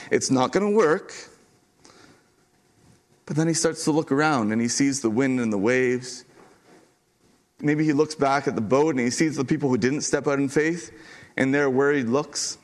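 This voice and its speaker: Delivering a sermon to his church, this man sounds earnest and forceful, driving home key lines through repetition and dramatic pauses. His voice sits on the high side.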